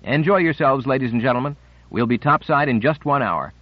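A man's voice: medium pitch, a little fast, dry recording, natural voice. A young guide , as a male narrator reads him, addresses a group with wry, mock-apologetic politeness. The audiobook recording is dry and slightly muffled.

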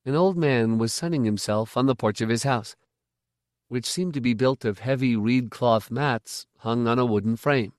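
A man narrating a first-person novel in a measured, reflective way. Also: medium pitch, no echo, clean studio sound. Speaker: audiobook narrator.

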